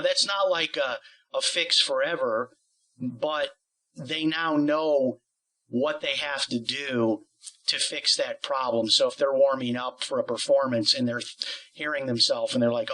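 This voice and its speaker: A man's voice: mid-range voice, measured pace, bright, forceful tone, low-quality recording. A man interviewing a singing teacher, explaining ideas at length with plenty of qualifiers and asides. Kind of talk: conversational interview.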